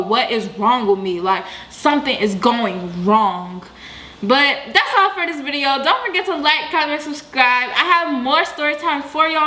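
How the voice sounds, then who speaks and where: A young adult woman telling a storytime vlog in a casual, slangy, animated way, full of exclamations. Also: high voice, roomy sound. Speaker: vlogger.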